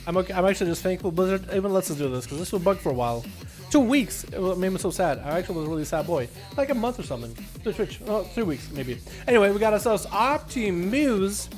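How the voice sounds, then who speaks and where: Young guy streamer, high voice, jokey and self-mocking, quick hyped play-by-play, bit of music in the back. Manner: playful, self-mocking, quick excited commentary. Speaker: streamer hosting arena duels. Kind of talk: casual livestream chat and play-by-play commentary.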